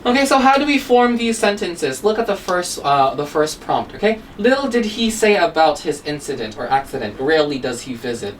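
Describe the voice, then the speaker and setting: A woman's voice: deep voice, lively intonation, fairly quick, few pauses. A woman teaching an English grammar lesson, explaining step by step and checking in with "okay?" and "right?" after nearly every phrase. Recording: distant mic with faint room noise.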